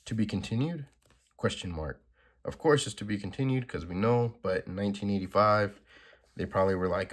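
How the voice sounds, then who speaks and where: Low-voiced guy chatting about comics, laid-back, kinda unsure. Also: a little fast. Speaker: comic book reader, channel host. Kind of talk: casual comic commentary.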